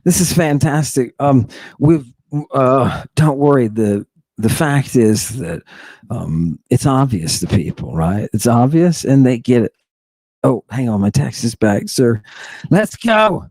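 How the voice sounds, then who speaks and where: A man hosting a podcast, giving an animated lecture in a casual, slangy way and firing rhetorical questions at his listeners. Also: medium pitch, takes it slowly, no echo. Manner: emphatic, peppered with rhetorical questions to the audience; casual slang, teasing a co-host. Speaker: host lecturing on ancient texts.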